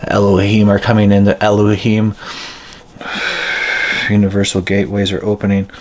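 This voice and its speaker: A man who is a spiritual healer, leading a guided energy-healing session. He speaks slowly and deliberately, with frequent ums and repeated chanted phrases. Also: lowish voice, monotone, darkish tone, slight background noise.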